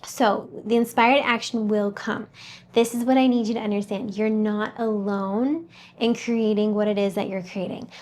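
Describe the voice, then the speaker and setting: A woman's voice: a little high, darkish tone. A woman talking as a mindset coach, giving an earnest, conversational motivational talk straight to the listener.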